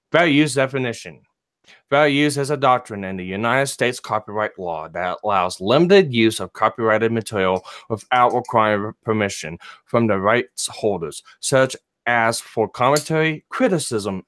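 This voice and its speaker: Man with a smooth, dry voice. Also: medium pitch, a bit bright, dry recording. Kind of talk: reading a legal disclaimer aloud.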